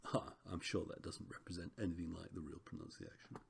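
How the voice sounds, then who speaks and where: A man teaching a recorded Greek lesson, relaxed and chatty with frequent ums and self-corrections. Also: deep voice, fairly quick, creaky, breathy edge.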